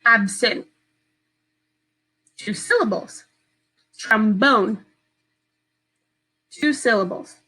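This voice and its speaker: A woman teacher giving a slow, patient, step-by-step phonics lesson to young children from home. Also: fairly high pitch, fairly bright tone, poor audio.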